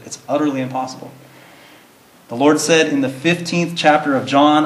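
Male Bible study teacher, mid-pitched, earnest and plain-spoken, in an echoey room. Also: fairly quick. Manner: earnest, explains plainly, reads verses in King James wording. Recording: roomy echo.

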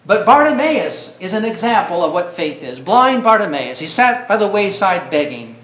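A man's voice: high-pitched, big pitch swings, normal speed, a bit bright, reverberant. A man preaching a sermon earnestly, reading scripture and rising to cries when he quotes.

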